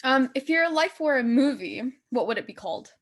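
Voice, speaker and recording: A woman's voice: sits high, animated, brisk. A woman hosting a casual interview, bubbly and giggly, with lots of "like" fillers. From Canada. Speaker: interview host.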